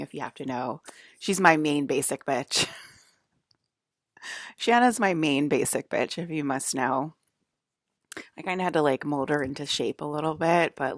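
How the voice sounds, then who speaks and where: A woman's voice: deep voice, dry recording, clean studio sound. A woman talking straight to her viewers in a loose, rambling monologue, swearing freely and laughing often. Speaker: vlogger.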